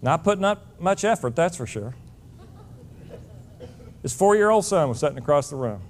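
A man's voice: fairly high pitch, lively intonation, normal speed, slight background noise. A middle-aged man giving a motivational speech, blunt and emphatic, lecturing his listeners. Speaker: motivational speaker.

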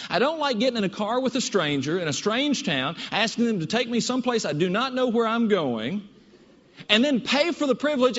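A man giving a keynote talk, telling a story in an animated, conversational way. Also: very high voice. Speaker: keynote speaker. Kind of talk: storytelling presentation. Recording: dull audio in a reverberant hall.

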